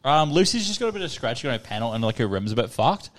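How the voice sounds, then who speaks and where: A young man chatting on a podcast at a quick clip. His talk is loose and rambling, full of swearing and laughter at his own anecdotes. His voice sits in a middle pitch. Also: sing-song. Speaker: podcast co-host. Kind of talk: casual chat.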